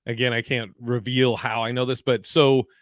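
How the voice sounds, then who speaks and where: Podcast co-host, male, mid-range voice, dry close sound, rambling and profane, reads chat out loud. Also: medium pitch, little pitch movement, normal speed, no room sound. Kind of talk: casual live-stream chat reading comments.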